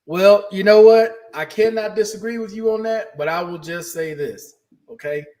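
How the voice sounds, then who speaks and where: Blunt high-voiced man hosting a podcast. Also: a little mellow. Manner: blunt, salty, fast-talking. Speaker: podcast host. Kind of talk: casual podcast talk.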